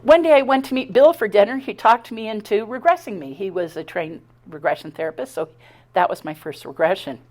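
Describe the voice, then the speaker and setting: A woman's voice: mid-range voice, a little fast. Woman telling a personal story to an audience. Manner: animated, acts out quoted dialogue, restarts and stumbles. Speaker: speaker giving a talk on her abduction experiences. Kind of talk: conversational storytelling talk. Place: talk at a spiritual center.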